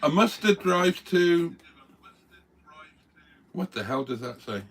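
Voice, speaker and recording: Older male co-host for a casual live stream: bright, animated and wry, pokes fun at himself. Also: a little high, takes it slowly, a little hiss or hum. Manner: wry, self-mocking banter. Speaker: co-host reading viewer comments.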